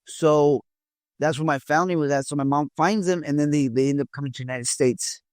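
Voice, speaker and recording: A middle-aged man, born in Mexico, telling his family story as an interview guest in a halting way, with many restarts and repeated words. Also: fairly high pitch, steady tone, a little mellow, no room sound. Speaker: interview guest, former police officer.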